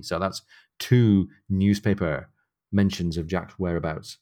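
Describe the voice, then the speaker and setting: A man's voice: low-pitched, unhurried, darkish tone. A man co-hosting a podcast, retelling a novel's plot and reading passages aloud. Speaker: podcast co-host. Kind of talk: book discussion chat.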